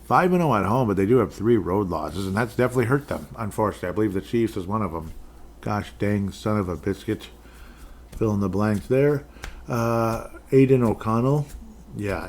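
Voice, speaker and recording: Low-voiced man riffing on football scores. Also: a little mellow. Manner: rambling, jokey, sarcastic asides. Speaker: podcast host. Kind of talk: casual sports commentary.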